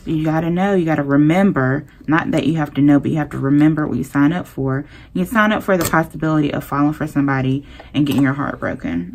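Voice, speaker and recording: A young woman rants casually to her viewers. Her voice sits low and has a gravelly edge. She talks to the audience like a close friend, with a lot of slang. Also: slight background noise. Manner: animated, talks straight to viewers with southern-style slang. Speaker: planner vlogger. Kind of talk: casual chatty rant while planning.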